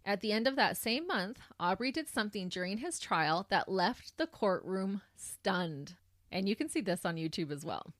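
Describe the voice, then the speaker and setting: A woman's voice: mid-range voice, normal speed, dry recording. Woman on a true crime podcast, chatty storyteller, dry close mic. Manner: tells the case in detail, animated when reacting. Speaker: podcast co-host.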